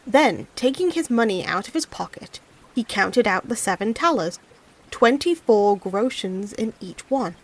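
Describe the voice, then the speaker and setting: A woman narrating a fairy tale as an audiobook reader, in an expressive, animated reading style. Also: mid-range voice, unhurried. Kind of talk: storybook narration.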